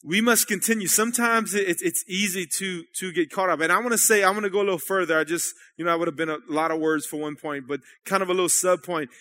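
High, bright preacher. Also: male voice, steady tone, fast, hardly any pauses. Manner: conversational, rhetorical check-ins with the congregation. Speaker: pastor. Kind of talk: sermon. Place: church service.

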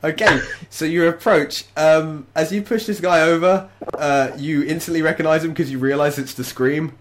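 A young man narrating as game master, halting with many fillers and laughing often. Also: on the high side, fairly even intonation, a little hiss or hum.

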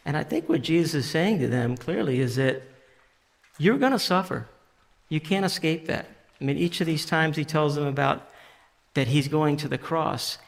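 A man's voice: on the high side, lively intonation, normal speed, creaky. A man preaching a sermon in a conversational way, paraphrasing scripture and often restarting his sentences. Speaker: pastor. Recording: long reverb of a large hall.

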